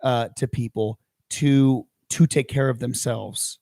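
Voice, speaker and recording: A man's voice: mid-range voice, steady tone, slow pace, vocal fry, warm tone, no echo. A man co-hosting a fitness coaching podcast, speaking earnestly in casual chat and stumbling over his words.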